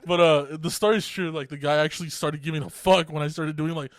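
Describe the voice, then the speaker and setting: A man's voice: fairly high pitch, fairly even intonation, a little fast, no echo, studio quality. A young man co-hosting a podcast, telling a story in casual, profane banter and laughing often. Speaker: podcast co-host. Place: podcast room with a couch.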